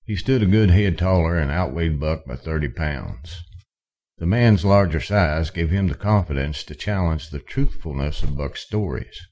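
Very deep-voiced male narrator. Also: animated, normal speed, a little mellow. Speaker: audiobook narrator. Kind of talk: scripted narration.

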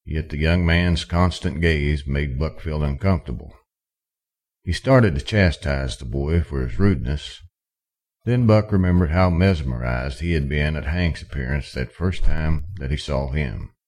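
A male audiobook narrator reads a western in a calm, even pace. His voice sits extremely low. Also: a little slow. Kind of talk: scripted narration.

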